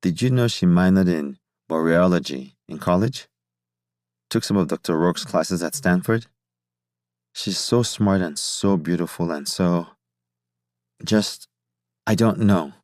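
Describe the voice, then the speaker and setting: A man's voice: low voice, darkish tone, no echo. Man voicing a flustered, lovesick young scientist. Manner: hesitant, halting, unsure.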